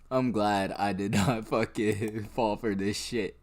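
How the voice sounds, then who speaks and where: A young man from Arizona talks through stock trades on a livestream in a loose, profane, chatty way. He speaks slowly and sits a little low in pitch, often breaking off to laugh. The delivery is relaxed and unscripted. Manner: casual, profane, laughing asides. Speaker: stock trading streamer. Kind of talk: live trading commentary.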